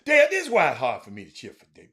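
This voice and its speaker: A man's voice: mid-range voice, huge pitch swings, very fast, fairly bright tone. A man hosting a sports talk stream from a room at home, chatting loosely and calling out viewers by name. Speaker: sports talk show host. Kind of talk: casual live-stream chat.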